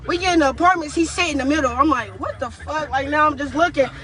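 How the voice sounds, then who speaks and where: A woman's voice: high-pitched, racing, fairly bright tone. A young woman from Indianapolis, a guest in an interview, retelling events in a casual, profane way with lots of quoted dialogue. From Indianapolis, USA. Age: young adult. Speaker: guest recounting a kidnapping.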